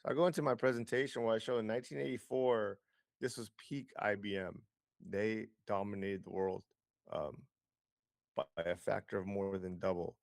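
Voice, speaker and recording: A man's voice: on the low side, fairly even intonation, normal speed, vocal fry, dry recording, studio quality. A man as an interview guest, explaining investing with lots of figures, fillers and restarts. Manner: explanatory, data-heavy, frequent fillers and restarts.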